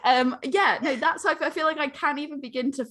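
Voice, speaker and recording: An American woman from New England, co-hosting a podcast, telling stories in a laughing, animated way with the odd swear word. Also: high voice, fast talker. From New England, USA. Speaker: podcast co-host. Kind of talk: casual chat.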